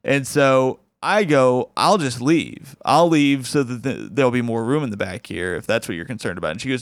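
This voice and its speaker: A man's voice: mid-range voice, moderate pace, few pauses, dry recording, clean studio sound. A young man, a comedian, casually telling a funny anecdote, laughing often as he talks. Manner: animated, laughs often while telling the story.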